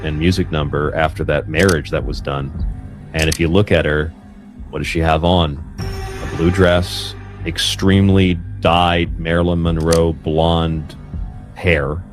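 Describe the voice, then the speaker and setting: Man, deep voice, deliberate explainer, music bed in the background. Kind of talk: explaining symbolism in a played clip.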